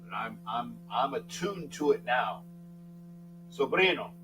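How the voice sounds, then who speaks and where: With an animated, medium-pitched voice at a measured pace, an older man chats casually on his live sports talk stream over music. He greets viewers by name, drifts from point to point, and often starts over, all captured on a distant mic with faint mains hum.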